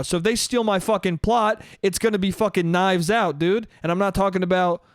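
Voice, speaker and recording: A man's voice: high voice, no room sound, clean studio sound. A young man ranting on his own comedy podcast, rambling and swearing, with "dude" thrown in often. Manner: profane, rambling, says "dude" a lot. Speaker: podcast host. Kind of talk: solo comedic podcast rant.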